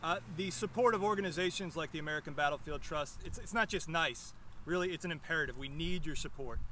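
Earnest bright-voiced park ranger. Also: male voice, a little high, quick pace, slight background noise. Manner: earnest and heartfelt. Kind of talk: formal thank-you speech. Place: outdoors on a battlefield.

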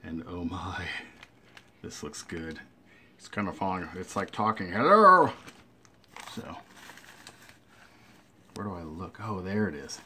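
A man's voice: low-pitched, fairly even intonation, normal speed, slight background noise. Chatty man reviewing a burger at home. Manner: chatty, eating while talking. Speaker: food vlogger. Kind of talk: casual food review vlog. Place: home kitchen. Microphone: webcam or camera facing the speaker.

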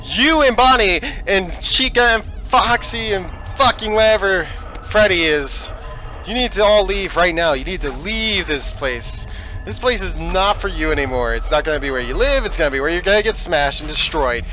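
A man doing gameplay commentary, ranting and swearing at the game, swinging between yelling and hushed muttering. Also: high-pitched, expressive, moderate pace, soft background music. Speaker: let's play gamer.

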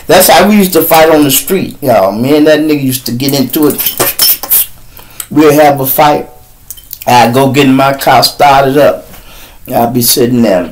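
A man in his fifties with a Chicago accent, hosting a casual live-stream monologue, rambling and profane, breaking into shouted mimicry of others. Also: a little high, animated, normal speed, rough recording. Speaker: live show host.

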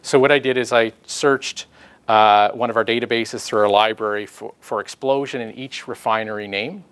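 A man giving a public talk with slides, presenting his research in a halting way with many fillers and restarts. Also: mid-range voice, a bit bright.

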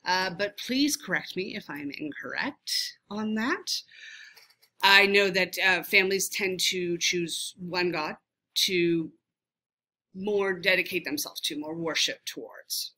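A woman's voice: fairly low pitch, slow pace, sharp tone. A woman teacher with a Southern US accent, giving a casual, chatty review lecture and often poking fun at her own pronunciation. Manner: casual, self-deprecating, chatty with fillers.

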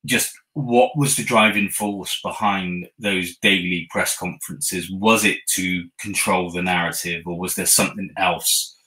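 A man's voice: low voice, fairly even intonation, unhurried, hardly any pauses, sharp tone, poor audio. A man being interviewed on a livestream, speaking hesitantly with many ums and repeated words. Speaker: interview guest, youtuber. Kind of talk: casual interview chat.

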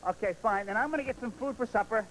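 Bert, a high fussy puppet. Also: male voice, fast talker, slight background noise, rough recording. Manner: nasal, fretful, spirals into frantic yelling. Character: fussy, easily exasperated male puppet roommate. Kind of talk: children's TV puppet sketch.

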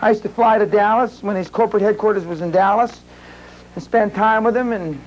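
A man's voice: sits high, fairly even intonation, brisk, muffled recording, a little hiss or hum. A man speaking at a seminar, telling a long rambling story to a live audience with many restarts and fillers. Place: seminar room.

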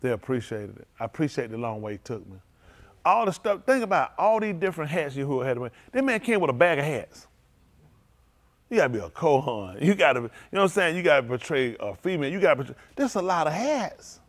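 Male pastor, loose vernacular sermon delivery, moves between low murmurs and loud high exclaiming. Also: big pitch swings, fast talker. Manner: speaks in informal, vernacular English.

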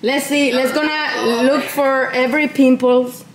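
Woman, Cuban Spanish accent, native Spanish, high-pitched, casual family banter, noisy crowded home. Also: fairly even intonation, measured pace, over a noisy crowd. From Cuba. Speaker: mother in family vlog. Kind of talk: casual family chat, mixing Spanish and English.

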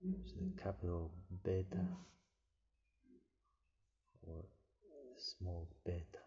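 A man slowly teaching an alphabet letter by letter, pausing and correcting himself as he goes. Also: low-pitched, sing-song, warm tone. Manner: slow, halting, self-correcting. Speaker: language teacher. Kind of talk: slow letter-by-letter alphabet lesson. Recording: dull lo-fi recording.

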